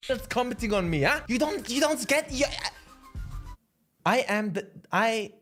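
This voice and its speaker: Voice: mid-range voice, lively intonation, measured pace, a bit bright, soft background music. A commentator browsing channels in casual reaction commentary, reading channel details aloud and joking about them.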